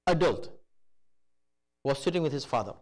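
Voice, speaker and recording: Animated male preacher telling a story. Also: mid-range voice, normal speed. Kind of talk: sermon with storytelling.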